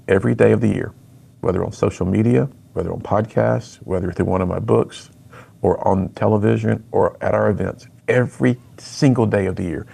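A man's voice: lowish voice, creaky, dark tone, breathy edge. A middle-aged man, a speaker and author, telling his personal story earnestly in an interview.

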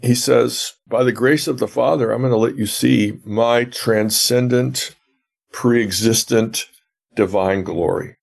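A man's voice: mid-range voice, gravelly. A man who is a professor of biblical theology, answering interview questions and explaining a gospel passage like a teacher. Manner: earnest teacher, retells scenes with quoted dialogue.

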